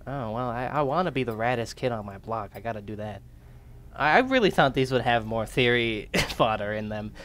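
A man's voice: medium pitch, animated, brisk, fairly bright tone. A young man playing a horror game on his channel, chatting casually, swearing and laughing as he reads in-game notes aloud. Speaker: gaming YouTuber. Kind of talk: let's play commentary.

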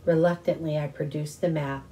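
Warm, low-voiced woman reading a story. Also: moderate pace, poor audio. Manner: expressive first-person narration. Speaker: audiobook reader.

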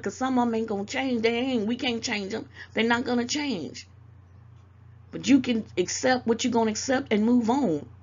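Gravelly older woman giving motherly advice. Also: medium pitch, darkish tone, dull audio. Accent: Southern US. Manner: motherly scolding, calls people baby, drawn-out mm-mm. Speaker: YouTube commentator. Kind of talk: casual direct-to-camera advice.

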